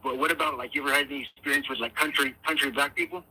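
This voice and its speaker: A man's voice: mid-range voice, fairly even intonation, rapid-fire, bright, forceful tone, slightly rough, rough recording. A laid-back man from California chatting casually and asking follow-up questions. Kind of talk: casual chat.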